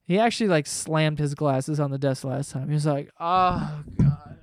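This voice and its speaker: Male vlogger, 20s, slightly high voice, profane rambling rant. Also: brisk, a little mellow, no echo, studio quality. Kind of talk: casual rant to camera. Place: home room below living room.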